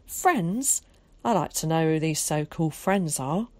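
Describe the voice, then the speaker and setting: A woman reading an audiobook, voicing a cruel, pious mother with a shrill, accusing manner. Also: animated, unhurried, dry recording. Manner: shrill, accusing, rising to screams. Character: harsh, pious, cruel mother, 1940s working class.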